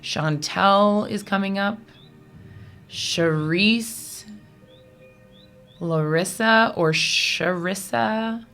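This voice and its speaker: A woman's voice: mid-range voice, very slow, long pauses, a bit bright, faint music behind. A woman giving a casual tarot reading to her viewers, chatty and rambling with many fillers, and easily moved to emotion. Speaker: tarot reader.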